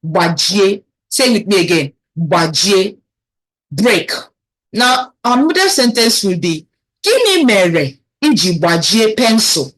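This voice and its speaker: A woman with a Nigerian accent leads a children's language lesson at a patient, steady pace. She says each phrase slowly, then repeats it so learners can copy her. Her pitch sits in a middle range for a woman. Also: low-quality recording. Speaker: language teacher.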